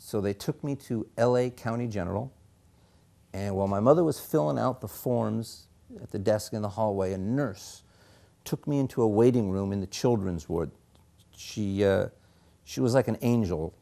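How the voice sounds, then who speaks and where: A man, a local artist, tells a personal story and acts out the people in it, his voice jumping high for a shrill nurse. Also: creaky. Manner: animated, acting out a shrill nurse.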